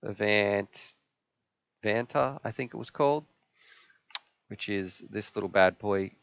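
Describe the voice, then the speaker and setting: A man's voice: on the low side, slow, gravelly, a bit bright, dry recording, dull audio. A man hosting a casual live stream, answering viewer questions in an enthusiastic, chatty way.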